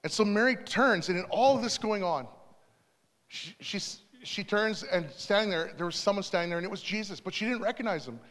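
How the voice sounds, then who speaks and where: A man's voice: sits high, expressive, a little fast. A middle-aged man preaching a sermon in a church, talking in a conversational way with little asides. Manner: conversational, warm storytelling with asides. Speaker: pastor. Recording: long hall reverb.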